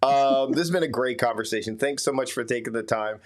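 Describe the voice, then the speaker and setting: A man's voice: medium pitch, a little fast. A man with a Canadian accent hosting a livestream interview over a video call, chatty with many restarts and fillers. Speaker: podcast host.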